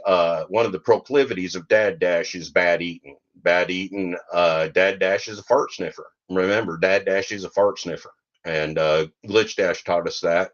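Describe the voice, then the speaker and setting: Low-voiced rambling sardonic man. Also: dull audio. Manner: rambling, sardonic, repeats himself. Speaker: podcast host. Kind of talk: rambling commentary.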